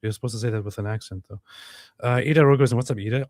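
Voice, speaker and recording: A man's voice: mid-range voice, rapid-fire, darkish tone, no room sound, clean studio sound. A man co-hosting a livestream in casual chat, reading viewers' comments aloud.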